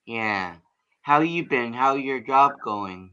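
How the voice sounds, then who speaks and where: A man's voice: medium pitch, expressive, slow pace, bright, forceful tone, clean tone. A man joining a casual livestream chat, giving brief, easygoing replies over a dull, lo-fi remote line. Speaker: co-host guest.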